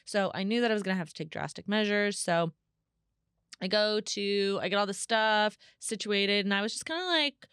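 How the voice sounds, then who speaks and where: A woman hosting a solo podcast, telling stories in a chatty, animated way, full of "like" and casual swearing, and mimicking other people in a higher voice. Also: moderate pace, clean tone, no room sound, studio quality. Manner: acts out quoted voices in a higher pitch. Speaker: podcast host.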